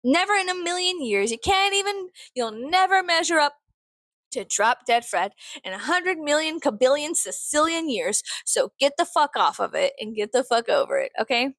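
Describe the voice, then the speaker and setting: A woman in her thirties venting in a casual vlog, blunt, profane and sarcastic, swinging into sudden high laughs. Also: animated, moderate pace, fairly bright tone, dry recording. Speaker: vlogger.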